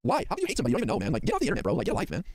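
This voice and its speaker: A man streaming live, ranting in a rapid, exasperated way. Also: fairly high pitch, huge pitch swings, a little mellow, no echo, clean studio sound.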